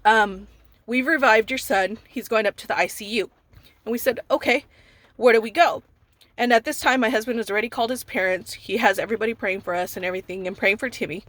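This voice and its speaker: A woman's voice: on the high side, fast talker, fairly bright tone, no echo. A woman in her thirties, a mother from California, giving an emotional personal testimony and retelling dialogue as she goes. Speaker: mother telling her son's story.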